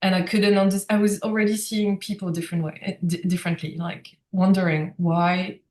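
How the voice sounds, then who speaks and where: A woman's voice: on the low side, fairly quick, a little hiss or hum. Woman with a roomy echo. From France. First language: French. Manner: animated, reflective, laughs often. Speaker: guest. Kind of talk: casual conversational storytelling.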